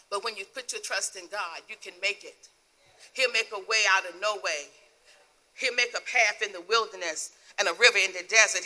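A middle-aged woman, a guest minister, telling an emotional personal testimony in a sermon with soft laughs. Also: on the high side.

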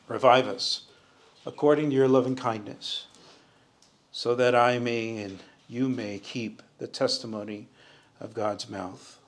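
A medium-pitched Bible teacher preaches a verse-by-verse sermon in a church sanctuary. He speaks earnestly, rising for emphasis and calling on the congregation to respond.

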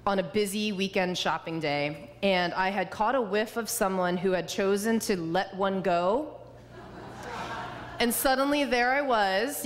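A woman preaching as a guest speaker, telling humorous personal stories. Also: mid-range voice. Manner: warm storytelling, humorous. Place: church sanctuary. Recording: reverberant church hall.

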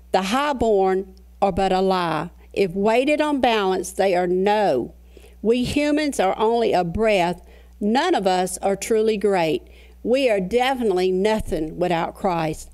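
Middle-aged woman pastor, earnest preacher, slows for scripture. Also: mid-range voice, darkish tone. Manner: earnest preaching with slow emphatic scripture readings. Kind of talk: sermon.

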